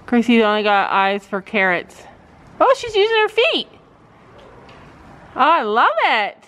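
A woman's voice: sing-song, a little slow, a bit bright. A middle-aged woman chatting casually in a family vlog, outdoors at a barn, talking to her dogs and horses. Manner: chatty, talks to pets in a high playful voice. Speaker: vlogger, mother.

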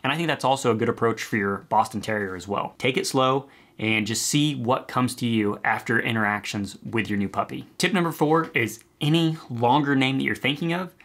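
A man's voice: medium pitch, fairly bright tone. A man in his thirties hosting a casual advice video to camera, chatty and upbeat with loose asides. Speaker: channel host and dog breed site founder.

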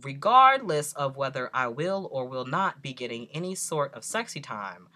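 A young man telling a story in a casual vlog, animated and exasperated, acting out both sides of a conversation with plenty of fillers and laughs. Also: mid-range voice, moderate pace. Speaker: vlogger.

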